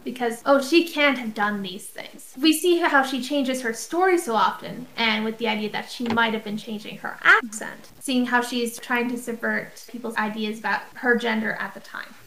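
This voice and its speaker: A woman co-hosting a podcast, talking in a lively, casual way and often saying "basically". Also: fairly high pitch, normal speed, few pauses, echoey room, noisy background. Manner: animated, uses "basically" often. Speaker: podcast co-host. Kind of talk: casual discussion.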